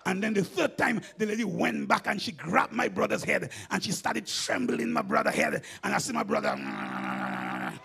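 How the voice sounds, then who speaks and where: A man with a Grenadian accent preaching a sermon in church, telling a story with laughter and building to shouts. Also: sits high, sing-song, normal speed, creaky, breathy edge.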